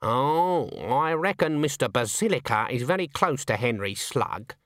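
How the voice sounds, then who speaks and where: A man voicing a stern, sharp-tongued old witch woman who snaps commands. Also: medium pitch, big pitch swings, a little slow, dry recording, studio quality.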